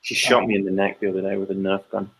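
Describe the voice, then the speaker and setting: A man's voice: low voice, racing, rough recording. A man in his thirties, a podcast co-host, telling stories in casual chat and acting out quoted lines. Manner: animated storyteller, acts out quoted lines loudly.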